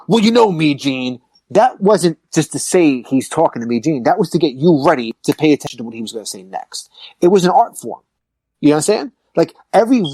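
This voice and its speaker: A man hosting a podcast in casual chat, talking in an animated, emphatic way that rises to excited peaks. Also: medium pitch, husky, dry recording, poor audio. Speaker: podcast host.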